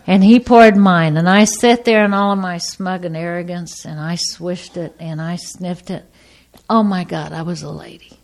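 A middle-aged woman giving a personal testimony to an audience, a lively storyteller who acts out the people in her story. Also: on the low side, normal speed. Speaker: speaker sharing her recovery story.

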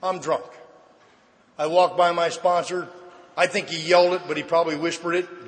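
A middle-aged man sharing his story with a live audience at a recovery meeting, a folksy comic storyteller with dry deadpan asides. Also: a little high, normal speed. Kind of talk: humorous personal testimony to an audience. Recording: reverberant hall, faint background noise.

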